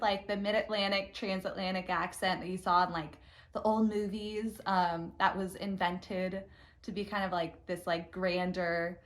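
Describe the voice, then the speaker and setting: Woman, actor, casual chat, chatty with lots of fillers, mid-pitched voice. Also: a bit bright. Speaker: actor introducing a monologue.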